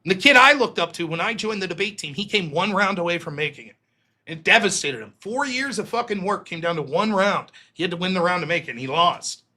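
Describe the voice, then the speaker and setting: This thirtysomething stream host has a high voice and talks fairly quickly. He tells a lengthy personal story packed with swearing, performing each quoted voice with lots of energy.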